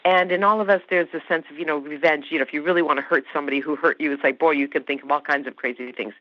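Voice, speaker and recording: Very fast, low-voiced and fairly even in intonation, with no room sound, a woman talks as an actress guest in a relaxed interview. She's gushing and laughs often, having grown up in Canada with Hungarian as her first language, on dry, slightly dull podcast audio.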